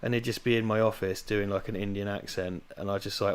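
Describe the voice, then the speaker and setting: A man's voice: on the low side, steady tone, fast talker, a crowd in the background. A man, co-hosting a watch-party stream in rambling, sweary casual chat, laughing often.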